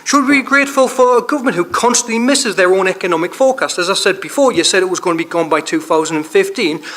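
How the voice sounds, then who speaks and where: In a council chamber, a man with a high, slightly bright voice speaks in obvious anger. He pushes his speech forward by firing off one repeated rhetorical question after another.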